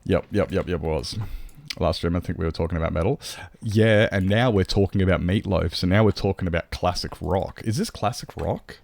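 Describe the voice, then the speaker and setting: A man's voice: sits low, fairly quick, gravelly, darkish tone. An Australian man streaming a game, chatting casually and answering his chat in a rambling way.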